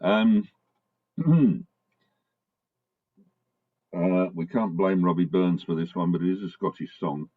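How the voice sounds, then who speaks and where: A man introducing a folk song, telling its story slowly and hesitantly. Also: low voice, slightly rough. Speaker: folk singer. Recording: dull home recording with guitar.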